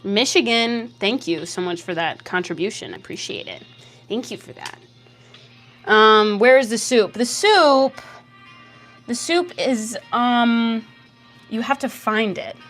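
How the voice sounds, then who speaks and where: A woman's voice: fairly high pitch, animated, a little slow, a bit bright, faint music behind. Sarcastic young Canadian woman streamer. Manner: sarcastic, teasing, swears freely. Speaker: livestreamer reading chat. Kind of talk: casual livestream chat.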